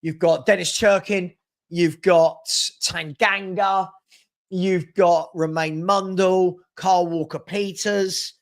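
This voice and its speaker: A man hosting a live football stream, chatty and teasing as he reads viewer comments and gives shout-outs. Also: high-pitched, steady tone, slow pace. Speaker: host of a live football transfer show.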